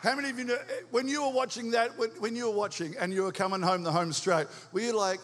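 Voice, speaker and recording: An Australian man preaching a sermon in a church, fast and energetic, stirring up the congregation with call-and-response questions. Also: sits high, big-room sound, a crowd in the background. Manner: talks quickly. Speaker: visiting preacher.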